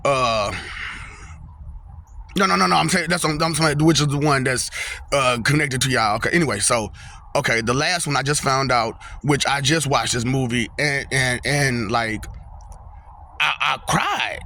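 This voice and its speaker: A man's voice: fairly high pitch, pushed and bright, slight background noise. A young man talking casually to his viewers outdoors, rambling, laughing often and repeating "you know what I'm saying". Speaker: vlogger. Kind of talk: casual monologue to camera. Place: outdoors, windy.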